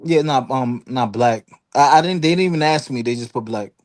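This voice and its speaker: A man's voice: mid-range voice, fairly quick. A man on a casual talk panel, telling stories with lots of fillers and acting out the people he quotes. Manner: animated storytelling, acts out quotes, frequent fillers. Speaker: panel guest. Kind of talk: casual chat.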